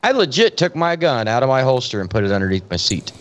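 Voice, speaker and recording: A man's voice: medium pitch, quick pace. A man, a police officer, chatting casually and telling stories from his work, swearing freely. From Florida. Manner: storytelling, swears freely, relaxed drawl. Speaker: podcast co-host, police officer. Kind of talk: casual chat.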